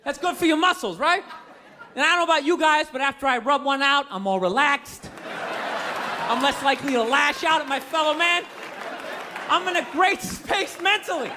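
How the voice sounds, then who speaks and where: A man doing a stand-up routine on a comedy club stage, ranting loudly and exasperatedly with plenty of profanity. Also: very high-pitched. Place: comedy club stage before a live audience. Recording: live stage recording with crowd laughter and noise.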